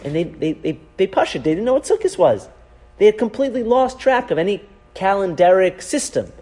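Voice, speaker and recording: Rabbi giving a Torah class, male, high voice, swoops up and down, keeps asking "right?". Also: fairly quick. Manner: animated, asks rhetorical questions, frequent "right?"; weaves in Hebrew terms.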